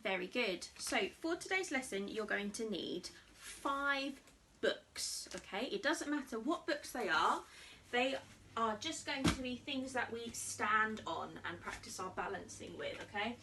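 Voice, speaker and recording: Woman, kids' fitness instructor, high bright voice, slow and sing-song, a bit far from the mic. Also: expressive, background noise. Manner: cheerful, coaxing, sing-song cues to young children. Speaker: children's martial arts instructor. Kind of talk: kids' exercise class led to camera.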